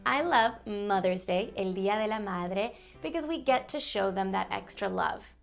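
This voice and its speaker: Over soft background music, a woman with a creaky, mid-range voice teaches toddlers Spanish words in a bilingual lesson. She's animated and moderately paced, sounding out every syllable with exaggerated care in a slow, sing-song way.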